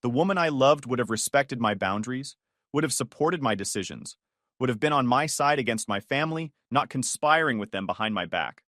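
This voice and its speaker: A man narrates a dramatic first-person story in a measured, firm manner. His mid-pitched voice moves a lot in pitch, and it is recorded close and dry with no room sound. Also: lively intonation, a bit bright, no room sound.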